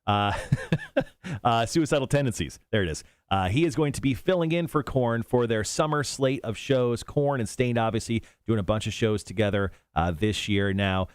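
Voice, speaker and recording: A man's voice: mid-range voice, normal speed, clean tone, dry recording, studio quality. A man hosting a morning radio show, teasing his co-hosts in casual banter and reading music news with lots of fillers.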